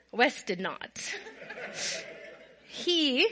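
A middle-aged Minnesota woman, a storyteller vlogger, tells a funny story to the camera, animated and often dissolving into laughter. Her voice sits high, she draws out her words, and crowd noise is audible.

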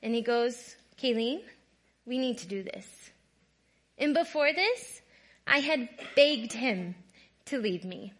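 A woman giving a candid personal testimony talk, conversational and often checking in with "right?", moving between soft, quiet passages and louder bursts. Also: a little high, expressive, slow pace, long pauses. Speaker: guest speaker.

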